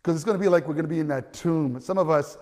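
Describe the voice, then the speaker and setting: A man preaching a sermon, telling a story with animated delivery that swells to loud cries and stumbles into restarts. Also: fairly high pitch, fast. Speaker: pastor. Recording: long hall reverb.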